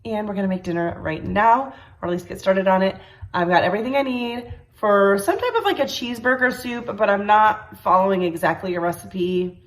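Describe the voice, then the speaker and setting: A woman's voice: mid-range voice, a little fast. A woman in her thirties from New York, chatting casually in her kitchen while cooking, a bit congested with a slightly nasal voice. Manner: chatty, rambling, many fillers. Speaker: cooking vlogger. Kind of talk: casual chat. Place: home kitchen.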